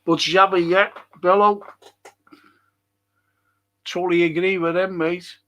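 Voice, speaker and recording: A man's voice: sits high, level tone, takes it slowly, pushed and bright, highs cut off. A man hosting a casual livestream, rambling as he reads viewers' chat comments aloud and swears now and then.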